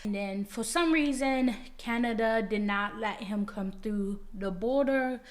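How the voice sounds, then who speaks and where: A woman telling how she met her husband, animated and excited, acting out her own reactions. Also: fairly high pitch, a little slow. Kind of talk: casual storytelling.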